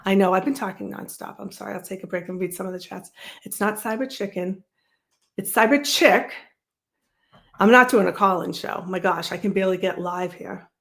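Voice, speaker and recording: A woman's voice: on the low side, steady tone, fast, creaky, hardly any pauses, fairly bright tone. Chatty woman hosting a live stream. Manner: chatty, digressive, with frequent restarts and asides. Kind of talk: casual live-stream talk. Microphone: streaming setup.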